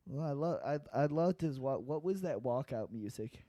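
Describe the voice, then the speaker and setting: A man's voice: medium pitch, lively intonation, normal speed, mellow, no room sound. A man hosting a podcast, joking and crude in a rambling casual chat. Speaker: podcast host.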